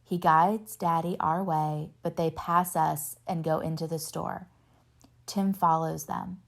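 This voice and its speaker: A woman reading a novel aloud in steady first-person narration, lightly voicing the dialogue. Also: deep voice, slow pace, creaky. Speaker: reader.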